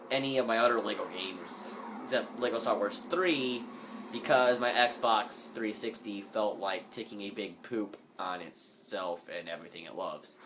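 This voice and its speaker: Rambling, jokey let's-play commentator, phone-recorded. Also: male voice, fairly low pitch, a bit bright. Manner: rambling, jokey, mock-businesslike. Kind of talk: casual gameplay commentary.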